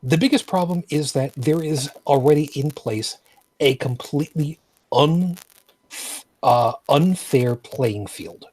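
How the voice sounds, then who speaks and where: A man co-hosting a podcast in casual political chat, quick and teasing one moment, careful and explanatory the next. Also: on the high side, a little mellow, slightly rough, low-quality recording. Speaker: podcast co-host.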